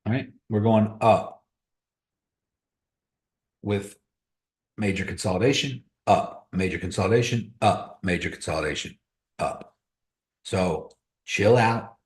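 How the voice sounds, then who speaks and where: A man's voice: lowish voice, slow, long pauses, reverberant. A man hosting a crypto trading webinar, giving blunt, motivational advice in casual live-stream talk. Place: room on a video call.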